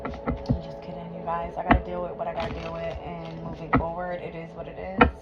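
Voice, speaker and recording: A woman's voice: fairly low pitch, monotone, brisk. Woman, tarot reader, emotional, swears and laughs a lot, hot and sweaty, dull lo-fi sound, music behind. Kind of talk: live tarot reading to viewers. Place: indoor room at home.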